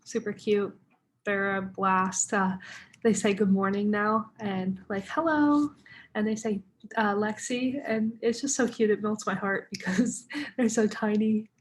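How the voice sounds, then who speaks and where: A woman's voice: mid-range voice, little pitch movement, unhurried, a little hiss or hum. A young woman in her twenties, an English teacher, talking casually about her classes with lots of fillers and easy laughs. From United States. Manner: chatty, many fillers, laughs often. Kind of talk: casual vlog narration.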